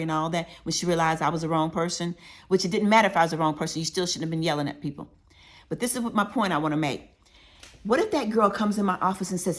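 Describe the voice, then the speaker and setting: A woman's voice: lowish voice, fast talker. A woman author telling workplace stories in a conversational way, talking straight to her listeners with emphasis. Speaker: author sharing workplace advice. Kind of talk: conversational storytelling audiobook.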